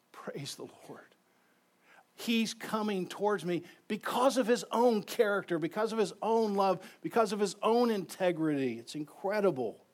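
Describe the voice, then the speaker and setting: A man delivers a sermon from the pulpit of a church. His voice sits somewhat high for a man, and he drops to near hushes before rising to emphatic declarations. He draws his congregation in, asking them to repeat lines with him. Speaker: pastor. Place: church sanctuary.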